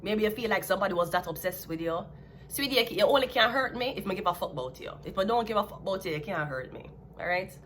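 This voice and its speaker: A Jamaican woman in a casual tarot reading, talking in a blunt, sassy way with an average-pitched voice. A faint hum of ambience sits behind her. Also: lively intonation, quick pace, a bit bright. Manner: blunt, sassy, laughs at her own jabs. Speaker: tarot reader.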